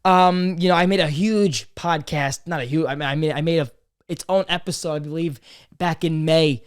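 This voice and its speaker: A man's voice: a little high, normal speed, clear, resonant tone. Crude, swearing young man vlogging. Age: 20s. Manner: crude, swearing, jumps between loud jokey greetings and quiet serious talk. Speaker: podcast host. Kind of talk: casual confessional vlog monologue.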